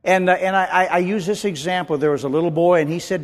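A man preaches with emphatic, rhythmic call-and-response, his voice sitting a little high for a man. The sound carries the long reverb of a church hall around him. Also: steady tone, fast, few pauses. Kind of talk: sermon with closing prayer.

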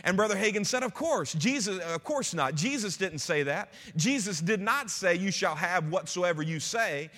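A man preaching a sermon, reading scripture slowly and then explaining it in a relaxed teaching tone. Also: high voice, big-room sound. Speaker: pastor.

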